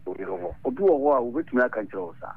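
A man calling in to a radio show, giving animated advice and switching between his local language and English. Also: on the high side, racing, vocal fry, breathy edge, dry recording. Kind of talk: radio call-in talk. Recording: lo-fi radio broadcast.

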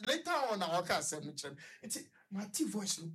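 Husky Ghanaian man telling a story. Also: high voice, sing-song, fairly bright tone. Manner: halting, with stuttered repetitions. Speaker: guest on a radio discussion. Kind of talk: personal storytelling in conversation.

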